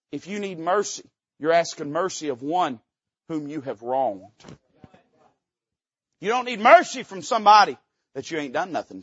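Fervent high-voiced preacher. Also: male voice, dry recording, muffled recording. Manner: fervent, folksy, with sudden loud rises and dips. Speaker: pastor. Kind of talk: sermon. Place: church sanctuary.

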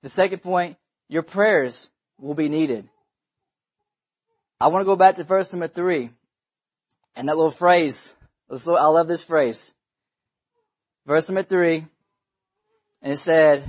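Impassioned male preacher, husky higher voice, slightly dull lo-fi church recording. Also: unhurried, pauses often. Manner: impassioned, repeats phrases for emphasis. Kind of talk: sermon. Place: church sanctuary.

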